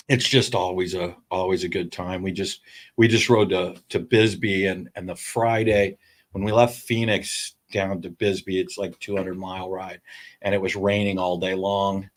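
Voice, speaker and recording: A man as a podcast guest, chatting casually and telling animated stories. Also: deep voice, moderate pace. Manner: animated, chatty storyteller with restarts. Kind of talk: casual chat, storytelling.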